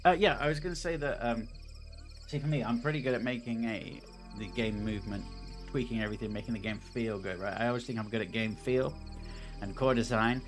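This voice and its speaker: A man's voice: medium pitch, a little fast. A man, a game developer, chatting casually on a stream and reading a game's story aloud with playful asides. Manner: rambling with fillers, playful asides. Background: game music.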